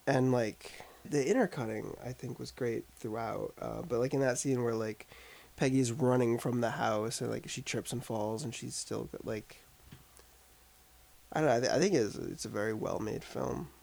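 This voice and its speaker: Reviewing a film on a casual podcast he co-hosts in upstate New York, a man rambles with lots of filler words. His voice is medium in pitch and darkish, with vocal fry, at a normal speed.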